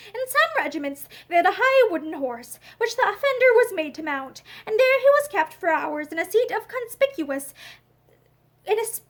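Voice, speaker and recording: Woman reading an old book out loud, real high voice, stumbles on words now and then. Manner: slips and restarts words. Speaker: reader. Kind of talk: reading a memoir aloud. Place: indoors, seated.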